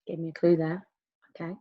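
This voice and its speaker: A woman teaching a playful online music lesson to young children, whooping and whispering to make the sounds fun. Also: lowish voice. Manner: animated, playful, sing-song with whoops and whispers. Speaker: primary school music teacher. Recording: dull lo-fi home video sound.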